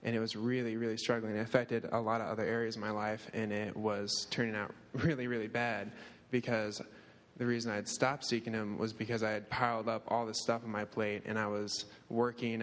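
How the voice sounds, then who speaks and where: A young man giving an earnest personal testimony, steady with small hesitations. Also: lowish voice. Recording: echoey hall.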